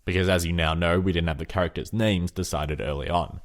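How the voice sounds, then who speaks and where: A man giving calm, matter-of-fact scripted narration. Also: sits low, fairly quick.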